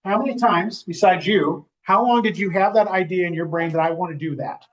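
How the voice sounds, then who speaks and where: Man, slightly high voice, running a real estate training session, chatty, keeps asking the room "right?", dull muffled recording. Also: a little fast, a crowd in the background. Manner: conversational, checks in with the audience often. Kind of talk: live class talk to a room. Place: classroom or training room with an audience.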